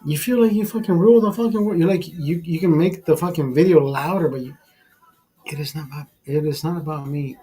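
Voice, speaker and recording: A man's voice: a little high, fairly quick, warm tone, breathy edge, soft background music, low-quality recording. A man hosting a casual drinking livestream, tipsy, talking in a rambling, profane way and restarting his words. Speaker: livestream host.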